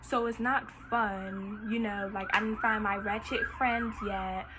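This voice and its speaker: A young woman from Washington, D.C., vlogging a story in an animated, slangy, casual way with frequent laughter. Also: medium pitch, a little slow, heavy background noise. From Washington, D.C., USA. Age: young adult.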